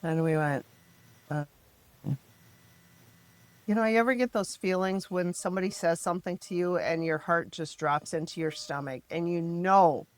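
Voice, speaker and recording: Emphatic mother with a lower voice. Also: normal speed, long pauses. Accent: American Midwest. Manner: emphatic, animated when quoting others, frank. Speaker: mother telling her family's story. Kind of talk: personal storytelling in a podcast interview.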